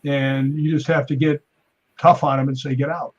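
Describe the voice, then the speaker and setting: Over a muffled recording, a man speaks at normal speed. As a guest stuntman and paranormal investigator on a podcast, he tells casual stories with animation, acting out the quoted voices in a higher pitch.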